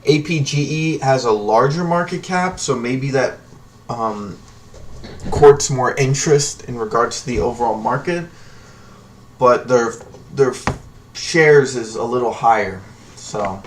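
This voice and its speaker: A man's voice: medium pitch, a little slow. A man hosting a live trading stream, talking casually and ramblingly in a slangy way. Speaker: livestream stock trading host. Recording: distant from the mic with faint noise.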